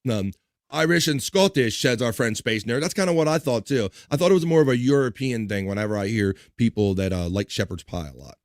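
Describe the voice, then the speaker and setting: A man hosts a casual livestream, upbeat and joking around as he reads viewer comments aloud. His mid-range voice is expressive and brisk, with no echo.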